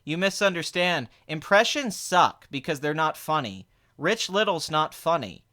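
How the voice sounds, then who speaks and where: A man hosting a casual livestream podcast, rambling quickly and boasting in a mock-serious way. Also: on the high side, sing-song, pushed and bright. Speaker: podcast host.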